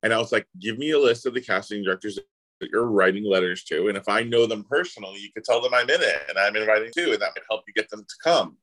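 Man, low voice, animated storyteller, actor guest, casual chat. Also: quick pace, low-quality recording. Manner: animated, voices others in quotes.

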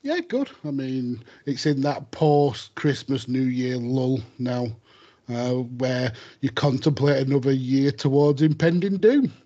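Guy hosting a comedy podcast, deadpan teasing, muffled audio. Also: medium pitch, measured pace. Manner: dry, teasing. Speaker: host. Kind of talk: casual comedy podcast chat. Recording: dull lo-fi sound.

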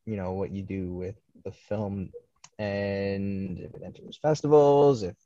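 A man's voice: lowish voice, unhurried, mellow, no room sound, lo-fi sound. Laid-back male podcast host. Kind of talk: casual chat.

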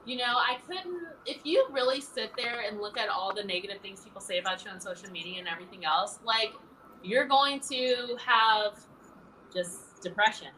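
Woman guest in a casual interview, bright voice, laughs a lot, animated. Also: medium pitch, moderate pace, slight background noise, low-quality recording. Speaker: interview guest, former pageant titleholder.

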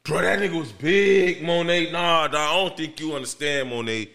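Man, podcast host, high voice, very sharp and bright, animated storytelling. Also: moderate pace, gravelly. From Miami, Florida. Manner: animated, profane, emphatic storyteller. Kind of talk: casual storytelling chat.

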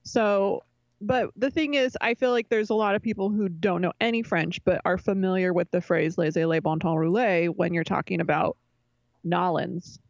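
A woman's voice: medium pitch, normal speed, creaky, no room sound. A chatty, opinionated woman co-hosting a podcast, who laughs often as she talks. Her voice is recorded very dry, and the sound is slightly muffled. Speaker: podcast co-host. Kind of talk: casual chat.

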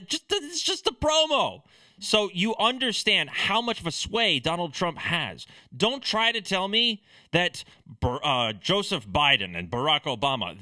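A man's voice: on the high side, bright, forceful tone, no room sound. A man giving sarcastic, opinionated political commentary in a ranting manner.

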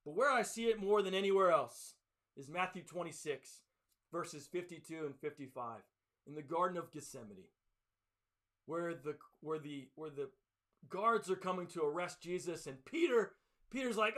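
A man preaching a sermon to his church, swinging from loud, urgent passages to hushed, tender ones. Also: a little high, lively intonation, normal speed. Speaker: pastor.

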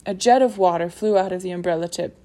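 A woman narrating a novel aloud in a steady, measured storytelling manner. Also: on the low side. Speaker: audiobook narrator. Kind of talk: scripted narration.

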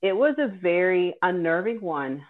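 A woman's voice: fairly low pitch, lively intonation, unhurried. A woman telling an earnest, vivid personal story as a guest host. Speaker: guest host sharing her caregiving story. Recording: tinny phone-like audio.

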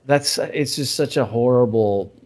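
A man's voice: mid-range voice, a little slow, a little mellow. A middle-aged man co-hosting a podcast, talking casually, rambling and restarting his thoughts, swearing freely. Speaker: podcast co-host.

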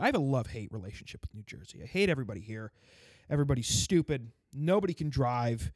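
A man's voice: medium pitch, dry recording, clean studio sound. A man delivering an angry, sarcastic rant full of swearing. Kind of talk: ranting stand-up style monologue. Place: lives in the state he complains about.

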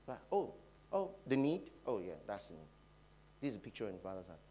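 A Nigerian man preaching a sermon, dropping to quiet talk and rising to loud shouts, often repeating his phrases. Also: fairly low pitch, big pitch swings, a little fast, a little hiss or hum. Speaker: pastor. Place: church hall.

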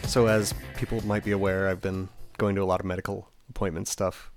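Low-voiced man telling a story. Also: brisk, soft background music. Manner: animated, laughing, acts out other people's lines. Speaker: podcast co-host. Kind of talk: casual storytelling chat.

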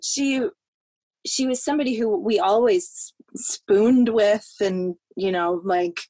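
A woman from the American South, a podcast guest recounting a childhood memory in a halting, heartfelt way. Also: medium pitch, mellow, no room sound. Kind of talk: personal storytelling in a podcast interview.

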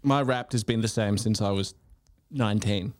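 A man's voice: lowish voice, normal speed. A man co-hosting a podcast, answering in a laid-back, casual way with short replies. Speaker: podcast co-host. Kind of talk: casual chat.

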